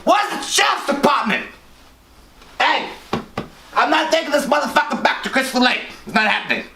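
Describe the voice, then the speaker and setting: A man playing a rowdy shouting fight referee. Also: extremely high pitch, animated, moderate pace, a little hiss or hum, exaggerated voice. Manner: yelling, crude trash talk. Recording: echoey and distant, loud music and crowd.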